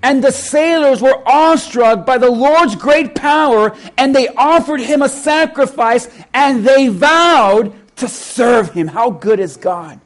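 High-voiced man preaching slowly. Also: expressive. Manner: slow, emphatic preaching with repetition. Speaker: pastor. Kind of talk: sermon.

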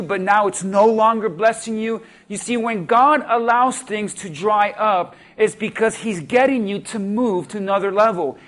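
A man's voice: sits high, fairly bright tone. A man preaching a sermon as pastor, reading scripture and asking the congregation questions with rising intensity. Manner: talks directly to the congregation with questions.

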